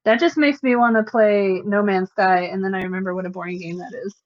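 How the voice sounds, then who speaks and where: A woman's voice: mid-range voice, steady tone, fairly quick, lo-fi sound. A woman livestreamer chatting casually, rambling with sarcastic, self-mocking asides.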